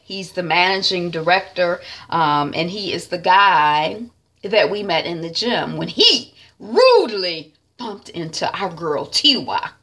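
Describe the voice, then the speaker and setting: A woman recapping a TV episode in a loose, chatty way, leaning heavily on fillers. Her voice sits low, with a gravelly, husky texture. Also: fairly bright tone. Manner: chatty, rambling, frequent fillers. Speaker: TV series reviewer.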